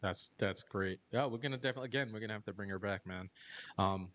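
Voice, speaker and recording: A man from the United States with an American accent, hosting a podcast in a relaxed, joking way. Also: fairly low pitch, fast. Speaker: podcast host. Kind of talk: casual podcast chat.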